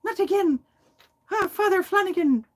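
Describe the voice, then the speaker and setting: A woman's voice: very high voice, normal speed, voice pushed up. A woman putting on an exaggerated stage-Irish accent to play villagers fretting melodramatically over their potatoes. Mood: melodramatic. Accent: put-on Irish. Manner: hammy, melodramatic, wailing.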